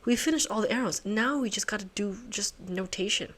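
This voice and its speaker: A woman's voice: medium pitch, brisk, fairly bright tone. A woman hosting a puzzle channel, talking to herself as she solves, muttering, swearing and laughing at herself.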